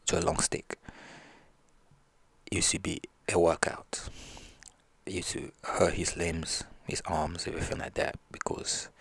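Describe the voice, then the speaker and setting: A man telling folk stories in a relaxed, rambling way. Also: sits low, gravelly, slightly rough, no echo. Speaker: storyteller. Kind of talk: casual folk storytelling.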